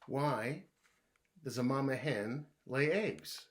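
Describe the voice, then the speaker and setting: Reading slowly and expressively from a kids' riddle book, a medium-pitched man poses each riddle and supplies the answer himself. He turns playful throughout and drops to a hushed voice whenever he acts as the confused guesser.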